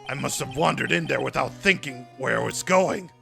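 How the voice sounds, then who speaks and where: A streamer doing a hushed, shaken young prosecutor. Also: animated, moderate pace, creaky, over music. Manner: low, hushed inner monologue. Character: shaken young male prosecutor narrating, subdued. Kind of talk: reading game narration aloud.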